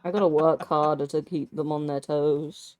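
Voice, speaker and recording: A woman's voice: low voice, steady tone, moderate pace, a little mellow. A woman streamer, chatting casually and laughing, slipping into silly voices when she tells stories.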